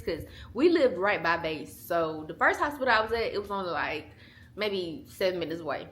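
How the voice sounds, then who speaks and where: Talking straight to her viewers through a small handheld camera, this mom vlogger in her twenties chats casually, candidly, and with plenty of laughter. Her medium-pitched voice has a sing-song lilt, a normal speed, and a slightly bright quality.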